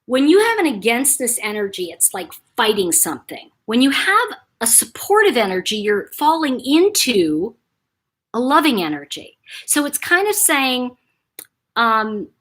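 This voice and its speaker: Brief: a woman from New York State as a livestream host, lively pitch, slightly husky. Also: measured pace. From Buffalo, New York, USA. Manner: animated, talks in dramatized quotes. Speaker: channel host. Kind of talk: livestream chat.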